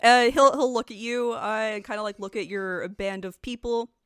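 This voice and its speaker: A woman narrating a tabletop game as game master, describing scenes in a relaxed way with many ums and uhs. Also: a little high, normal speed, clear, resonant tone, dry recording, clean studio sound.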